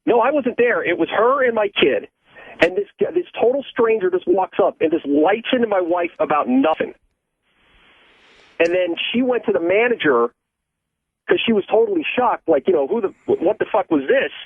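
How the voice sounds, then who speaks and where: A man's voice: high-pitched, very animated, moderate pace, breathy edge, dry recording. A man from Ohio calling in to a show, telling an angry, profane story about his family. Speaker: caller. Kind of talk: phoned-in story. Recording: tinny dry phone line.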